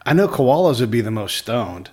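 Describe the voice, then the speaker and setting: A man hosting a podcast, easygoing and quick to agree with short replies. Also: mid-range voice, big pitch swings, darkish tone. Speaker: podcast host. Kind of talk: casual chat.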